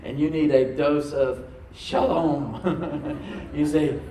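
A man preaches to his congregation in an easy, conversational way, now and then sinking into a soft, prayerful hush. His voice is mellow and a little distant from the mic. The roomy church echo carries every word, with a faint hum of ambience behind him. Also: a little high, fairly even intonation, takes it slowly. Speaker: pastor. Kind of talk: sermon. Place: church sanctuary.

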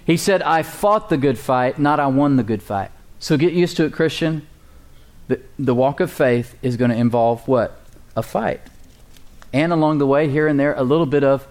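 A man delivers an emphatic sermon from the pulpit of a church, with a voice that sits a bit high. He drives each point home and keeps throwing rhetorical questions at his congregation. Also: darkish tone. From United States. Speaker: pastor.

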